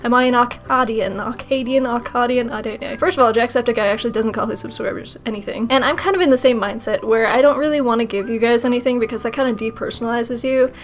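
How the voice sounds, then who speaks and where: A young woman in casual Q&A vlog talk, playful and self-mocking, her voice a little rough today, talking close to the mic. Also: fairly high pitch, steady tone, fast talker, hardly any pauses. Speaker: YouTuber answering fan questions.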